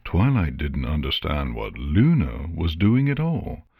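A man reading a story aloud in a measured, expressive way. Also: very deep voice, husky, no echo, narrow, tinny audio. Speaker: narrator. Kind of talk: storybook narration.

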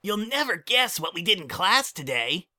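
A man reading a story aloud and voicing a cheerful, giggly young colt boy in an excited, squealing way. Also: high-pitched, normal speed, voice pushed up, full character voice.

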